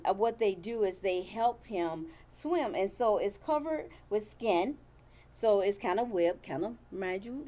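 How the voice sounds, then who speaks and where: A teacher reading a picture book aloud to young children, using a sing-song, playful delivery and stopping to ask them questions. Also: female voice, mid-range voice, a little mellow.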